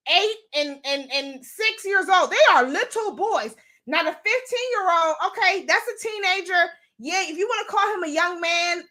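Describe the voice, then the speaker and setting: A woman's voice: high-pitched, pushed and bright. A young adult woman hosting a casual commentary show, talking bluntly and animatedly, swearing freely and laughing often. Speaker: show host.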